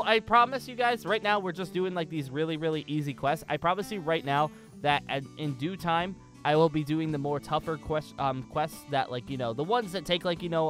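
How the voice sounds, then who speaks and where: A man's voice: on the high side, fairly bright tone. A man casually commentating while he plays a video game, rambling and thinking aloud with frequent restarts. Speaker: gaming channel host.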